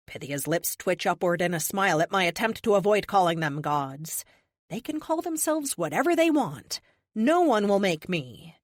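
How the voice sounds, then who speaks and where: A woman narrating a first-person audiobook in an expressive, youthful, wry manner. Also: lowish voice, moderate pace, dry recording, clean studio sound.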